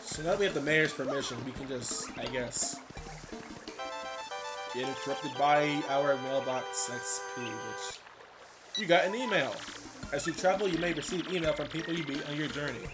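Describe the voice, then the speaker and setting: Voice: medium pitch, moderate pace. A person casually commentating on a video game playthrough, with wry offhand remarks. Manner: offhand, wry, reads text aloud. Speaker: gameplay commentator. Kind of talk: casual let's-play commentary. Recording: game music playing behind.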